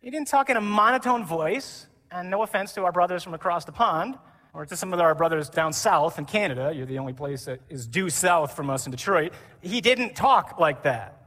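A man preaching as a priest to a conference, lively and animated, mimicking voices for effect. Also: sits high, moderate pace. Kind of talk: conference sermon. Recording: hall reverb.

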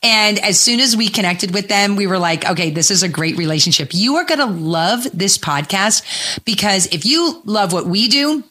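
A woman's voice: mid-range voice, expressive, moderate pace, pushed and bright. A woman co-hosting a podcast, chatty and friendly as she introduces guests. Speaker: podcast co-host. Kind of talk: casual chat.

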